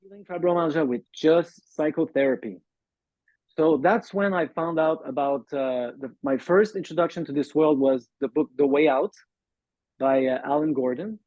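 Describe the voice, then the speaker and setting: A man's voice: fairly high pitch, no room sound. Man on a muffled call. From Montreal, Canada. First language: French. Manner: earnest, halting, acts out quoted dialogue. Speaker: guest sharing recovery story. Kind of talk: interview storytelling. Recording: dull lo-fi dry call audio.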